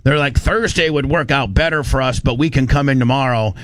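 A man's voice: medium pitch, a little fast, fairly bright tone. A male radio host rants into a studio microphone, blunt and heated, often stopping and starting over mid-sentence. His voice sits in a middling register. The studio sound is dry and close, with no room echo. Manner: heated, blunt, rambling with restarts. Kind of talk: on-air storytelling rant. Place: broadcast studio.

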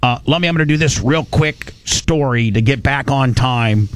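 A man's voice: mid-range voice, normal speed. A man hosting a radio show, chatting casually and joking, often restarting and correcting himself. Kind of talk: casual talk radio chat.

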